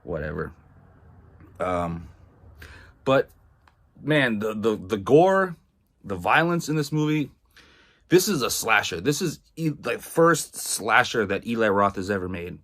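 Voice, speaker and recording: Casual film reviewer from Massachusetts, a man with a lowish voice who rambles with lots of filler words. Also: big pitch swings, a little slow, long pauses, a bit bright. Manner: rambling, heavy on "like" and "um", swears freely. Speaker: movie reviewer.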